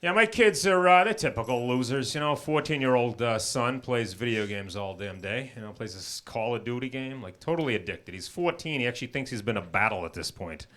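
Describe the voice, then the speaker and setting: A man's voice: mid-range voice, expressive. Middle-aged man doing dry stand-up. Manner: dry, punchline-driven delivery with quick asides to the crowd. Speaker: stand-up comedian. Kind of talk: stand-up comedy set. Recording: loud background noise.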